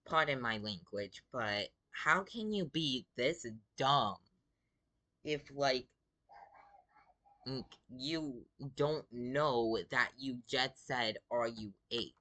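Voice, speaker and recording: A man's voice: medium pitch, lively intonation, slow pace, pushed and bright. A man who is sick gives casual commentary as he reads out game chat, sounding exasperated and drawling with lots of fillers. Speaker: gaming video creator.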